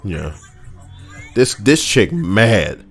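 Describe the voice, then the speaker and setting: Brief: low-voiced man ranting with lots of swearing, swinging widely in pitch, soft music underneath. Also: drawn-out words. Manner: animated, profane, swinging up and down in pitch. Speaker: video host. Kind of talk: profane commentary rant.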